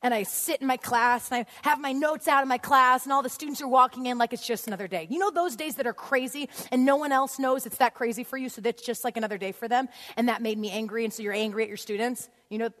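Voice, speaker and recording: A woman giving a storytelling sermon in a church auditorium, animated and laughing often as she acts out scenes. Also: on the high side, fast, hardly any pauses. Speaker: guest speaker. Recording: long hall reverb.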